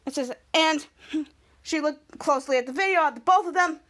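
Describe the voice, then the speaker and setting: A woman's voice: high-pitched, fairly quick, fairly bright tone. A woman podcast host recapping a TV episode scene by scene, with stumbling restarts.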